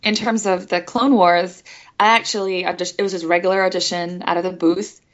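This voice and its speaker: A woman from Singapore, a voice actress, chatting in an interview, animated and laughing often, slipping between accents. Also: fairly low pitch, a little fast, lo-fi sound. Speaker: guest voice actress. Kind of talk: casual interview chat.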